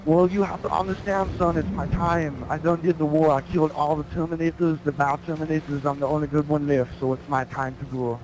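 A man's voice: fairly high pitch, flat delivery, a little fast, hardly any pauses, noisy background, natural voice. A man playing a male cyborg soldier saying farewell, in a clumsy Arnold-style impression with broken grammar. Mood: solemn farewell.

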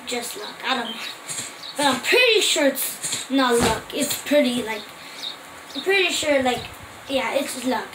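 A young female gamer giving casual commentary over gameplay, excitable and prone to gasping and exclaiming at her finds. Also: high voice. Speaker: gaming video creator. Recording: roomy echo with clear background noise.

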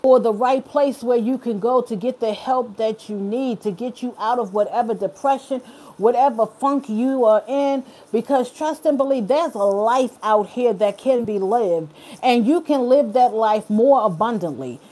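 A woman's voice: a little high, moderate pace, mellow. A woman hosts a casual live stream. She reads out viewers' comments and answers them directly, earnest and encouraging.

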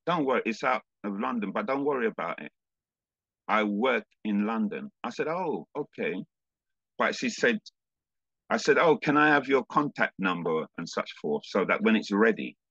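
A man, a pastor, telling a personal testimony as a sermon in an easygoing storytelling way, halting now and then with small fillers. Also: fairly low pitch, a bit bright, breathy edge, dry recording, dull audio.

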